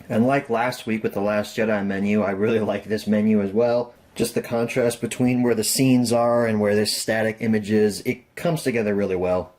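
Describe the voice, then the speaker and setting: A man's voice: fairly low pitch, a little mellow. Chatty young man reviewing discs. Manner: chatty, self-deprecating, thinks aloud. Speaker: home media reviewer. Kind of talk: casual product review vlog.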